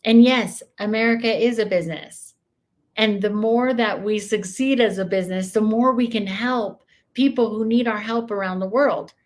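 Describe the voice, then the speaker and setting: A woman's voice: fairly high pitch, moderate pace. A woman reacting to news clips with sarcastic, increasingly heated commentary.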